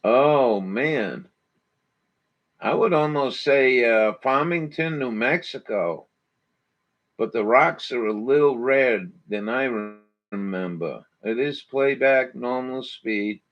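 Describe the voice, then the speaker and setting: A man hosts a morning show and reacts to videos as he talks, crude and folksy, swearing freely. His pace is slow and drawn out. The sound is dull and lo-fi. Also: medium pitch, expressive. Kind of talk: casual commentary over videos.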